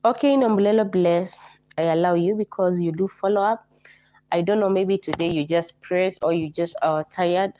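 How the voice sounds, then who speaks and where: A Kenyan woman hosting a casual livestream, hoarse from a flu, greeting viewers by name and repeating herself often. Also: lowish voice, moderate pace, warm tone. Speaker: livestream host.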